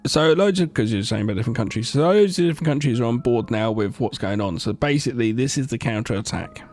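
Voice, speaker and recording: A man with a London accent co-hosting a podcast, excitable and swearing freely. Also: medium pitch, fast talker. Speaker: podcast co-host. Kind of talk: casual chat.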